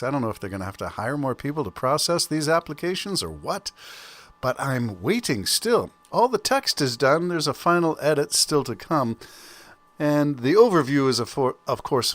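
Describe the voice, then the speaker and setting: A man's voice: mid-range voice, fairly bright tone. A man in his sixties hosting a casual solo podcast from home, chatty and rambling, with self-amused asides. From Canada. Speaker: podcast host. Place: home during a thunderstorm.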